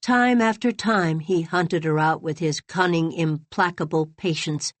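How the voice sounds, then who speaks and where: A woman reading a novel aloud as an audiobook narrator, in an expressive, dramatic storytelling manner. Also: low voice, a little slow, no echo. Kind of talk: scripted narration.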